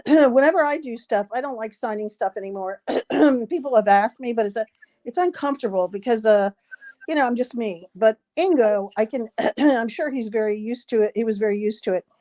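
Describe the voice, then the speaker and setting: A woman, a psychic guest, telling a long anecdote in an interview and acting out the dialogue, with frequent throat clearing. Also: fairly high pitch, fairly quick. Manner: lively retelling, acting out quoted dialogue.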